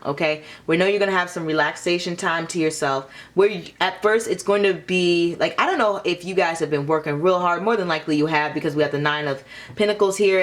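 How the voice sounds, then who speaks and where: A young woman giving a casual tarot card reading, chatty and full of fillers, laughing often. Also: on the low side. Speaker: tarot reader.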